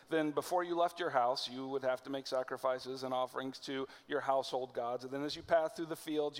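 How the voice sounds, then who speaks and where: Male pastor, higher-pitched voice, casual preaching with slow emphatic phrases, long hall echo. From United States. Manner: conversational preaching, slows and stresses key phrases. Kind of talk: sermon.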